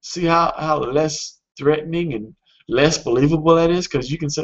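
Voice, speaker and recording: A man coaching on a webinar in a casual, earnest way, often pausing with fillers and restarting his sentences. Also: a little high, lively intonation, muffled recording.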